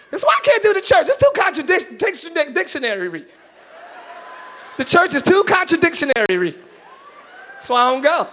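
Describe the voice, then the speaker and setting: A man preaching a sermon in church as pastor, acting out everyday scenes and shouting his points to the congregation. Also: extremely high pitch, very animated, moderate pace, long pauses.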